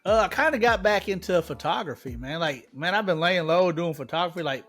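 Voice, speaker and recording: A man's voice: sits high, lively intonation, a little fast, fairly bright tone, soft background music. A man co-hosting a podcast, talking in a laid-back, slangy way in casual chat. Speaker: podcast co-host.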